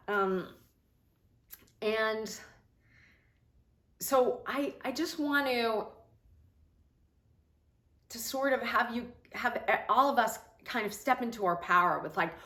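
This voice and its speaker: A woman with a fairly high voice speaks to her viewers as a mom and health coach. She talks earnestly and rambles, with frequent fillers and restarts. Her voice echoes around the room. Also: a bit bright. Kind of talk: casual talk to camera.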